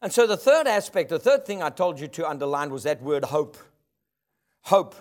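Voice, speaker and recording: Male preacher, high-pitched, emphatic and rhythmic sermon style. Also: sing-song, normal speed. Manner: emphatic, call-and-response preaching.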